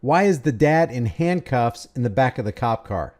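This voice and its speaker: Sarcastic man with a lively voice. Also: medium pitch, normal speed, a little hiss or hum. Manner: sarcastic, indignant. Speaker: commentator. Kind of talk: reaction commentary on video.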